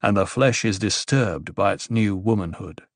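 A calm, unflappable male advisor, played by the narrator, with a slightly lowered, measured voice that reasons evenly. The sound is dry and close-miked. It is a low-key audiobook character. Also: creaky, no echo.

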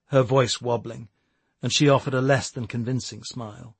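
A man narrating a novel in a measured storytelling voice. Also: mid-range voice, steady tone, gravelly, husky, no room sound. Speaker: audiobook narrator. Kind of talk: scripted narration.

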